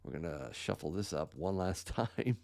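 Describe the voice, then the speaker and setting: A man's voice: low-pitched, lively intonation, moderate pace, gravelly, a little mellow. A man hosting a live podcast giveaway, upbeat and laughing often as he calls out winners' names. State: out of breath. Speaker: podcast host. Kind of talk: livestream giveaway chat.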